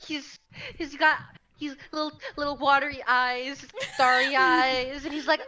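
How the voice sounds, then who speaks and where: Excitable woman player, high bright voice, kinda far from the mic. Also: a little slow. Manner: giggly, excitable. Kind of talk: playing a tabletop game.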